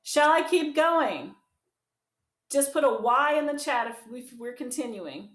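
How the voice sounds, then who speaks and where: Expressive, unhurried and a bit bright, this woman's high voice carries an online group voice lesson where she upbeatly encourages people in the chat. The audio comes from a video call in an echoey room with a keyboard.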